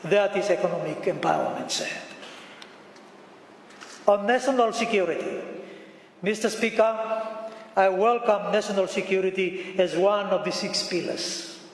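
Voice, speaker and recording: A man's voice: high-pitched, normal speed, long pauses. A man with a Solomon Islands accent giving a formal parliamentary speech, listing his points one by one. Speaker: member of parliament. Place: parliament chamber. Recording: echoey hall.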